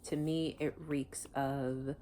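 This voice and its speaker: A woman's voice: a bass voice, flat delivery, slow, mellow, slight background noise. A woman doing a casual tarot reading, blunt and emotional, swearing freely. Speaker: tarot reader.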